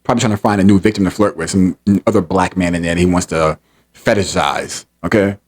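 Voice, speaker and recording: A man's voice: low voice, fast. A man vlogging, heatedly retelling a personal incident, acting out what others said, with emphatic repetition and laughter. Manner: animated, acts out quotes, laughs, emphatic repetition. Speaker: channel host recounting an incident. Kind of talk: heated personal storytelling to camera.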